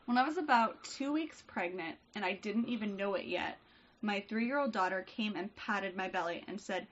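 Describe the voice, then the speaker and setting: A woman co-hosting a casual chat podcast, telling family stories with animated quoted voices and frequent laughter. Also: mid-range voice, normal speed, highs cut off. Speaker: podcast co-host.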